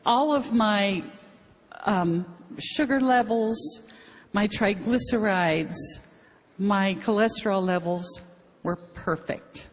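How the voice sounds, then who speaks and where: A woman's voice: mid-range voice, slow. A middle-aged woman giving an upbeat, chatty testimonial on stage. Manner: chatty and upbeat, quoting others with animation. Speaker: speaker on stage. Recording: reverberant hall with faint noise.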